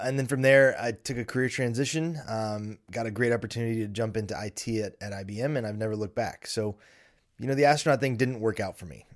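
Thirties male podcast host, relaxed basement chat, frank and self-mocking, lots of ums. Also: lowish voice. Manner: candid, self-deprecating, frequent ums. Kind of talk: casual solo podcast talk. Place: home basement.

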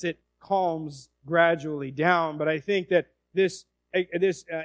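A man preaching a sermon in a high, light voice. He tells the story dramatically and swings from loud passages to hushed ones. The sound is close and dry, with no room echo.

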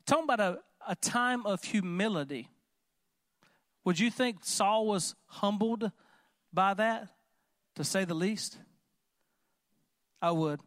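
A man preaching a sermon in an animated, conversational way, often asking the congregation questions. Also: high-pitched, slow, pauses often, no room sound, studio quality. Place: church.

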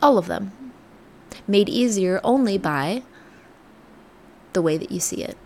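A woman with a gravelly, vocal-fried edge to her mid-pitched voice hosts a motivational self-help podcast. She speaks earnestly and reflectively, often sinking into soft, near-whispered phrases. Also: expressive, unhurried. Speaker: podcast host.

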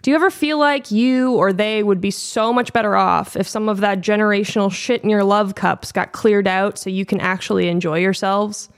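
A woman reading a short promo in a brisk, sassy manner with some swearing. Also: mid-range voice, fairly even intonation, clean tone. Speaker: ad announcer. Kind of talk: read promo.

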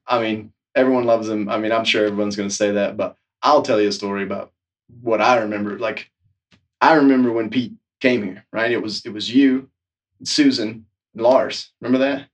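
A man, a snowboard instructor, telling an animated story about a colleague, full of asides. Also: fairly low pitch, fairly quick, distant mic. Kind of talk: casual storytelling.

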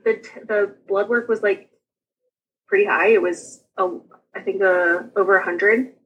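A young woman, a guest on an interview show, chatting casually and quickly about her own experiences, often laughing as she tells them. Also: mid-range voice, steady tone, husky, muffled recording. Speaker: guest sharing her birth story. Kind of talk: casual personal storytelling.

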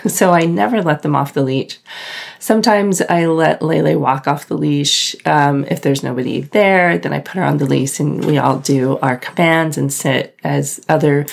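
A woman's voice: low-pitched, vocal fry, breathy edge. A woman casually telling a personal story, rambling and restarting, breaking into short nervous laughs. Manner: rambling, self-interrupting, with frequent nervous laughs. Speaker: storyteller recounting a personal incident.

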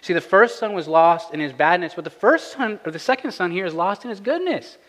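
30s pastor guy preaching, chatty but earnest, slightly high voice, big echoey church. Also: expressive, a little fast, a bit bright. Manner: conversational, earnest, rises for emphasis. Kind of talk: sermon. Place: church sanctuary.

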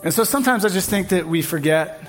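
A man with a high, bright-toned voice delivers a sermon at a church service. He preaches with emphasis, circling back to repeated refrains. Soft music plays faintly behind him. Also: animated, fast. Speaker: pastor.

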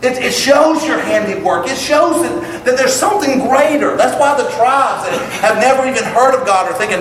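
A man preaching a sermon to his congregation, emphatic and building to loud exclamations. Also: very high voice, lively intonation, moderate pace, hardly any pauses, distant mic, a little hiss or hum. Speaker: pastor. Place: church sanctuary. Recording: echoey hall, picked up from afar.

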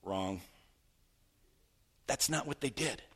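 A man preaching a sermon, retelling a story with stammered repeats and rhetorical questions, swinging from loud to hushed. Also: fairly high pitch, normal speed. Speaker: pastor.

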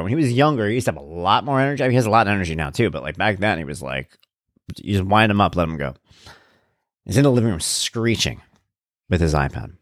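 Lively low-voiced man telling a story. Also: no room sound, clean studio sound. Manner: animated, acts out quoted voices. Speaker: father sharing personal stories. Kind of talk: casual personal storytelling.

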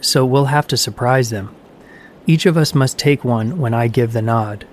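A vengeful old farmer-magician out of a storybook, slow and brooding in every word, as a man puts him on. His low, heavy delivery grinds on, grim and bitter. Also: a little hiss or hum, natural voice.

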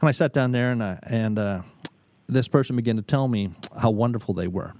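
A middle-aged man, a business consultant, telling stories in an emphatic talk, pausing often and repeating words. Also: medium pitch, darkish tone. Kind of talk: storytelling talk.

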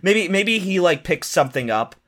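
Man, comedy co-host, loose crude riffing, bright tone. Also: high voice, very animated, moderate pace. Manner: rambling, crude, heavy filler words.

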